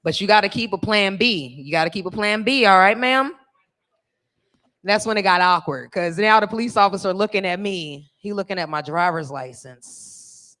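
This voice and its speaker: A woman's voice: mid-range voice, normal speed, fairly bright tone. A middle-aged woman from California doing a brash, bawdy live stand-up routine on a stage mic and teasing the crowd. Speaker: stand-up comedian.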